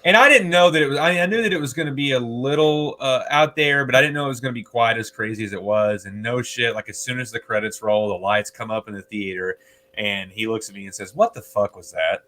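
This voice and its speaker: A man's voice: medium pitch, fast, bright, forceful tone. A man co-hosting a casual movie review chat, telling a rambling story with many fillers and restarts. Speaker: podcast co-host.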